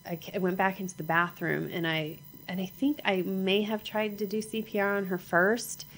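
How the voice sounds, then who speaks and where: A middle-aged woman telling a personal story in a halting way, repeating herself and acting out what people said. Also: mid-range voice, steady tone, fairly bright tone, a little hiss or hum, rough recording. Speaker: mother sharing her story.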